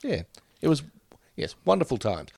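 A man's voice: fairly high pitch, wildly swooping pitch, moderate pace, creaky, a little mellow, husky, dry recording, clean studio sound. A man co-hosting a podcast, meandering through memories with frequent laughs. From Australia. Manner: meandering, reminiscing, laughs often. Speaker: podcast co-host. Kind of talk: casual chat.

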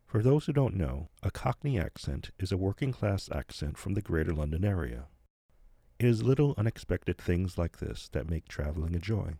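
A middle-aged man from New Jersey narrates his podcast in a measured, plain-spoken way. His voice sits low and mellow. It is recorded close and dry, with no room sound. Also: vocal fry, no echo. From United States, New Jersey. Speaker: podcast host.

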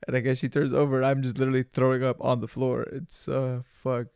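Gravelly, laid-back young man. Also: mid-range voice, little pitch movement, fairly quick, a little mellow, no echo, studio quality. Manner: loose and profane, laid-back slang. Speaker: podcast host. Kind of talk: solo casual storytelling.

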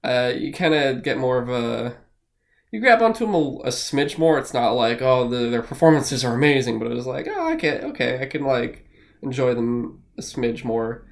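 Excitable male co-host, rambles, curses freely, casual podcast chat. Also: medium pitch, normal speed, creaky. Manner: rambling, excitable, swears often.

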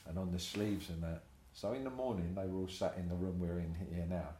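A man's voice: sits low, brisk, a little hiss or hum. An older man, a tattoo artist telling anecdotes in a casual interview, swearing freely and acting out what people said. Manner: swears freely, animated anecdotes with acted-out quotes. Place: room in his tattoo shop. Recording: roomy echoey room.

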